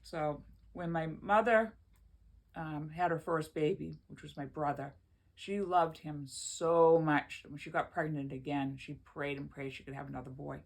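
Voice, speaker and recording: A woman's voice: low-pitched, steady tone, measured pace, vocal fry. A woman vlogging from her home in a rambling, chatty way, often laughing as she talks. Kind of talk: casual chat to camera.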